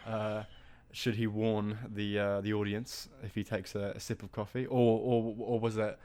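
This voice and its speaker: A man's voice: lowish voice, little pitch movement, moderate pace, darkish tone. A young man co-hosting a podcast, rambling and teasing his friend in casual chat. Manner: rambling, teasing, trails off mid-sentence. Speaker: podcast co-host.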